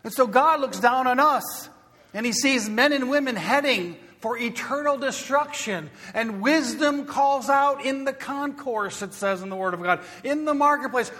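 A high, bright-voiced man preaching in a church with a long hall reverb around him. He swings from urgent shouting down to hushed, breathy near-whispers to drive each point home. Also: a little slow. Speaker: pastor. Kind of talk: sermon. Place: church sanctuary.

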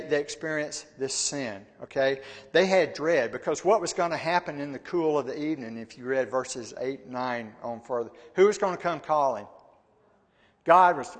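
A man giving a conversational Bible teaching. He often repeats words and asks his listeners questions. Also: fairly high pitch. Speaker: church teacher. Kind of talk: sermon-style Bible teaching. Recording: long hall reverb.

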